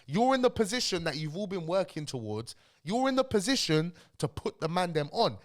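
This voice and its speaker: A man's voice: sits high, big pitch swings, fairly quick. A young man giving blunt, heated reaction commentary, sounding ill. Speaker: YouTube commentator.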